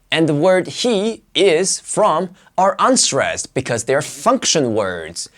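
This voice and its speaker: A pronunciation teacher narrating a scripted lesson in a lively, swooping voice. The delivery is clear and emphatic, with strong rises and falls at a mid pitch.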